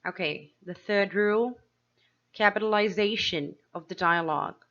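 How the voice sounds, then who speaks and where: A woman teacher giving a slow, clear grammar lesson to young pupils, asking them questions as she explains each step. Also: mid-range voice, a bit bright, dull audio. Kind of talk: grade-school grammar lesson.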